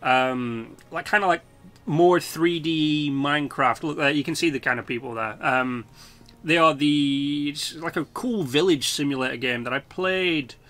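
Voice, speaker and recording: A man's voice: on the high side, unhurried, sharp tone, soft background music. A man hosting a casual let's-play video, chatting loosely with lots of fillers and the odd swear. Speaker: gaming video host.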